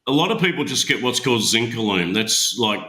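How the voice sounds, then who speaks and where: A man's voice: mid-range voice, animated, brisk, sharp tone, poor audio. A man in casual chat, explaining things in a plain, matter-of-fact way.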